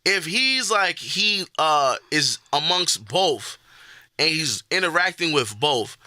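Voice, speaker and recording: A young man from the Boston area, co-hosting a podcast, arguing his point in a casual, slangy and animated way. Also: fairly high pitch, slow pace, no echo. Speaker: podcast co-host. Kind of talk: casual debate chat.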